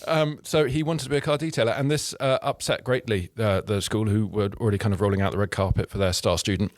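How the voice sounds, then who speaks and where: A man's voice: lowish voice, steady tone, fast, no echo, clean studio sound. A British man hosting a podcast, telling rambling, self-mocking stories in casual chat. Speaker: podcast host.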